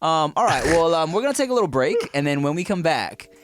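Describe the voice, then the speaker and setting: Man co-hosting a podcast, laid-back, slangy, animated swings in pitch, faint music behind. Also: fast talker. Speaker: podcast co-host. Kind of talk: casual chat and read ads.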